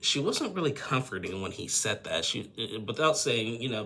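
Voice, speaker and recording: A man's voice: medium pitch, sing-song, moderate pace, pushed and bright. A man giving a rambling, opinionated casual recap of a TV episode, often tacking on "and stuff and everything".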